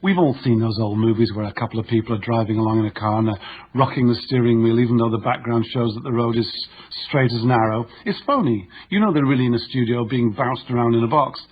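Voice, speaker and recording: A man's voice: mid-range voice, phone-quality sound, slight background noise. Man reading a self-help audiobook. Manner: measured, instructive reading. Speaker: audiobook narrator. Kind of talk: scripted nonfiction narration.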